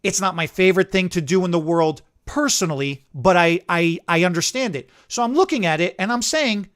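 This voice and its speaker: High-voiced man telling a salon story. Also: a little fast, hardly any pauses. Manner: animated anecdote telling, acting out quotes. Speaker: salon owner and stylist. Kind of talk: casual chat, storytelling.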